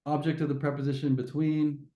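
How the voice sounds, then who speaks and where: A man's voice: a little high, little pitch movement, brisk, warm tone, muffled recording. A man teaching a test prep grammar lesson to a class, explaining step by step and often restarting his phrases.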